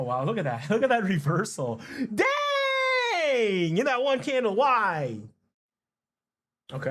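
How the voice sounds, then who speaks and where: A man talking to himself while he trades options, muttering numbers and repeating phrases, then breaking into excited chants. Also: fairly high pitch, slight background noise. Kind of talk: casual live trading commentary.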